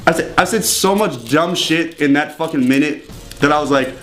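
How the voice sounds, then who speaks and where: A man's voice: on the high side, moderate pace, a bit bright. A young man telling stories casually in an interview, swearing often and laughing between lines. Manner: profane, rambling, laughs often. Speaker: interview guest. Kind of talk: casual storytelling.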